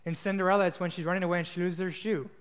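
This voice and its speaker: High-voiced young man preaching in a hall. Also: little pitch movement, very fast, clear, resonant tone. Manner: casual, earnest, with small restarts. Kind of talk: sermon with storytelling.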